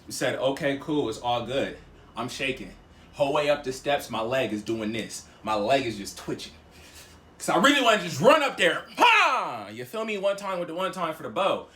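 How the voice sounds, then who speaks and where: A young man vlogging a casual storytime monologue in slangy, conversational talk. He is emphatic and acts out the dialogue, with big swings in loudness. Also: on the high side, animated, fairly quick, reverberant.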